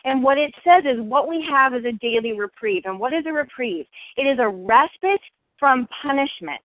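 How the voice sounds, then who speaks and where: A woman's voice: sits high, no room sound. A woman sharing personally at a recovery meeting, earnest and full of rhetorical questions. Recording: phone-like dry line.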